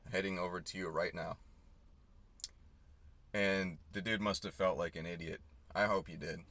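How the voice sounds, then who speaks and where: A man's voice: sits low, steady tone, normal speed, pushed and bright. A young man, a delivery driver, ranting heatedly and profanely about his shift as he drives. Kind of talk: ranting vlog while driving. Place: inside a car. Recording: noisy in-car recording. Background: car and road noise, navigation prompts.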